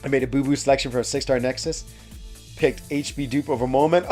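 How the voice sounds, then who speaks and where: Over soft music, a man from West Virginia streams a game in a mid-range, slightly mellow voice at a fairly quick clip. He spins meandering, chatty stories with lots of fillers and laughter while reading chat aloud.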